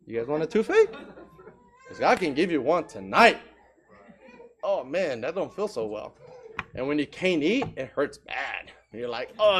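Preacher, man, high voice, emphatic sermon delivery, rhetorical questions. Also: fairly bright tone.

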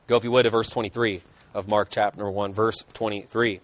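A man with a fairly low, flat-sounding voice preaches fast in a recording with no echo. He's emphatic, his intensity rising and falling, and he drops casual conversational asides between scripture readings.

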